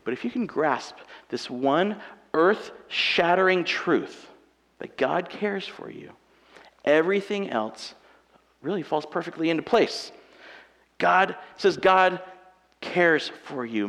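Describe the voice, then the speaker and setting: A man in his thirties preaching a conversational sermon as a pastor, moving between quiet, chatty asides and loud, emphatic passages in a church auditorium. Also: on the high side, vocal fry. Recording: hall reverb from a church sanctuary.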